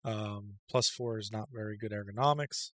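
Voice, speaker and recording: A man's voice: on the low side, moderate pace, dry recording. A man giving a casual, rambling video game tutorial voice-over, full of ums and uhs. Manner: rambling, filler-heavy, with many ums and uhs. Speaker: game guide creator.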